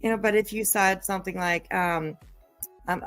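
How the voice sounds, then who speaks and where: A woman's voice: on the low side, fairly even intonation, fairly quick, vocal fry, fairly bright tone, soft background music. A woman hosting a livestream, reacting to clips in casual commentary, blunt and profane and laughing often. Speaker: livestream host.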